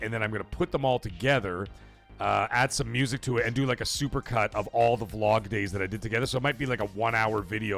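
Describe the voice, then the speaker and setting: A man hosting a casual live stream, swearing freely and telling rambling stories while reading viewer comments. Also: on the low side. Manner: profane, rambling, animated storyteller. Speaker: livestream host.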